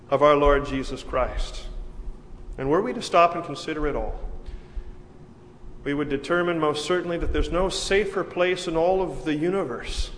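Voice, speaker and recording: A pastor delivers a sermon in a somewhat high voice, drawing out key phrases with deliberate pauses. His words ring with a long reverb through a church, over a faint hiss of background noise. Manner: measured, dramatic pauses with slowed emphasis.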